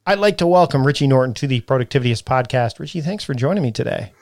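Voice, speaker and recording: A man's voice: mid-range voice, animated, quick pace, no echo, studio quality. A man hosting a podcast interview, talking in a chatty, rambling way with frequent laughs. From Canada. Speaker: podcast host. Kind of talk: casual interview chat.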